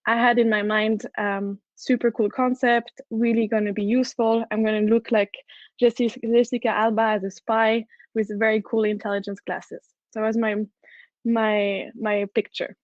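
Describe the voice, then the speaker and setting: Brief: woman with a French accent, conference speaker, fairly high voice, earnest and keen, dull dry recording. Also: little pitch movement, normal speed, no room sound. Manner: enthusiastic, earnest, with frequent restarts. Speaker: head of product, conference speaker. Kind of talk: conference talk.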